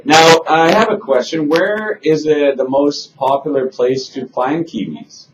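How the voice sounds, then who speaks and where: A man's voice: a little high, muffled recording. Male ESL teacher, easygoing and talkative, leading class chat over background noise. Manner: friendly, chatty, asks simple questions slowly. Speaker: English teacher. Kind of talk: conversation class with students.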